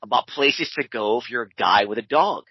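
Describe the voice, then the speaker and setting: A man co-hosting a casual podcast with a husky voice, teasing his friends and spinning tall tales. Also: medium pitch, a little fast, no echo, muffled recording. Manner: animated, teasing storyteller. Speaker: podcast co-host.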